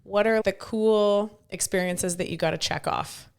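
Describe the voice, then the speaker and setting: A middle-aged woman with a hoarse voice, chatting enthusiastically as a podcast co-host. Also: mid-range voice, unhurried. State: hoarse, recovering from lost voice. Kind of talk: casual podcast chat.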